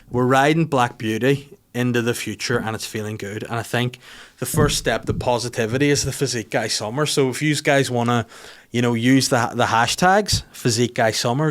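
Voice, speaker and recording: A Northern Irish man hosts a podcast in a loose, comic monologue. He rambles from one thought to the next, mocks himself and drops the odd swear word along the way. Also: medium pitch. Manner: rambling, self-deprecating, sweary. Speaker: podcast host. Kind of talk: casual comedic monologue.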